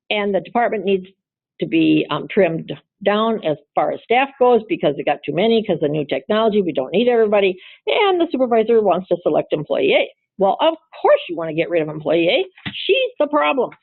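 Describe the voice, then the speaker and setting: A woman lawyer talks through workplace cases in a loose, conversational lecture, asking her listeners questions as she goes. Her voice sits in an ordinary middle range. The sound is narrow and tinny like a phone call, with no room echo at all. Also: medium pitch. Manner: chatty, asks the audience rhetorical questions, frequent "you know" and "um". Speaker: employment lawyer presenting a webinar. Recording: tinny phone-line audio, dry.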